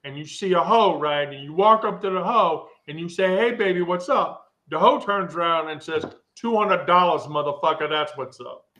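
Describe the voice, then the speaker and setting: A woman's voice: fairly low pitch, moderate pace, hardly any pauses, a bit bright, close to an everyday voice, low-quality recording. A woman putting on the voice of a brash male friend who tells a crude, profane joke. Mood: joking. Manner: blunt and profane.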